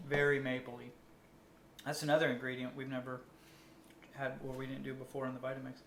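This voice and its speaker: A man's voice: medium pitch, monotone, brisk. Easygoing man chatting in an echoey kitchen. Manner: easygoing, thinking aloud while tasting. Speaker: cooking video co-host. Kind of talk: casual kitchen chat. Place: home kitchen. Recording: echoey kitchen with loud background noise.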